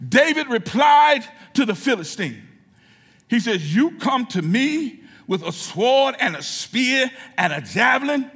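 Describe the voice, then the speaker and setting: A man preaching a sermon in a church, building from storytelling to shouted, fervent preaching. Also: extremely high pitch, very animated, measured pace, slightly rough.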